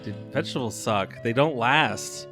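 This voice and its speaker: A man's voice: mid-range voice, moderate pace, over music. A man co-hosting a casual podcast, rambling and laughing as he talks. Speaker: podcast co-host. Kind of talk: casual chat.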